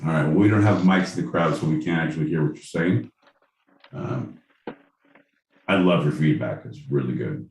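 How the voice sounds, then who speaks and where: A man's voice: rumbling low, moderate pace, pauses often, darkish tone, distant mic. A man co-hosting a comedy podcast, riffing in casual banter and mock stand-up bits, swearing freely. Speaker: podcast co-host. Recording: echoey room, off-mic, faint noise.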